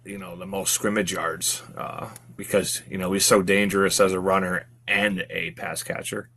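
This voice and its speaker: A man co-hosting a sports podcast, talking casually with many pauses and fillers. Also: sits low, flat delivery, bright, forceful tone. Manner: hesitant, lots of uh and um. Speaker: podcast co-host.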